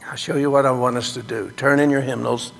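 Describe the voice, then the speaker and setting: A man, a pastor teaching his congregation about worship in a sermon, animated with folksy exclamations, in a church sanctuary. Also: mid-range voice, fast talker, creaky. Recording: echoey sanctuary reverb.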